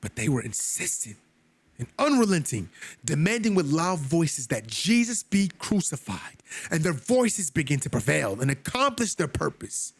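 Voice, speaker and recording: Reading and expounding on scripture in a Bible study, this man speaks in a preacherly, emphatic style, his pitch rising on the words he stresses, and he drops casual remarks to those listening. The voice is sing-song and slightly rough at a moderate pace, recorded without room sound.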